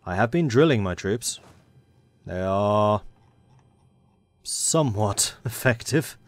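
Low-voiced man musing over a strategy game. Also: animated, slow. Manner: thinking aloud, addressing game factions. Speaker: gaming channel host.

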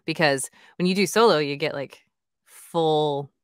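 Chatty and enthusiastic, a woman who narrates audiobooks and writes them speaks in a casual interview, using many "like" and "you know" fillers. Her low voice has a clean tone and a slightly slow pace, captured in studio quality with no echo.

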